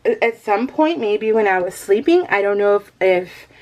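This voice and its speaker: A woman's voice: medium pitch, expressive, moderate pace, a little mellow. A woman vlogging at home in a casual, rambling chat, often breaking into laughter. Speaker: crafting vlogger.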